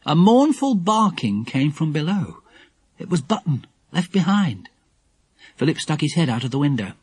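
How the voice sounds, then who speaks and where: A man narrating a children's audiobook in a lively, expressive storytelling manner. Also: fairly high pitch, normal speed, husky, no room sound.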